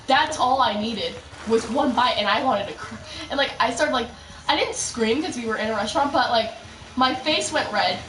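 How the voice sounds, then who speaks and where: A young woman chatting casually on a live gaming stream, telling a story and breaking into excited shouts at the game. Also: fairly high pitch, moderate pace. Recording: roomy echo, mic at a distance, loud background noise.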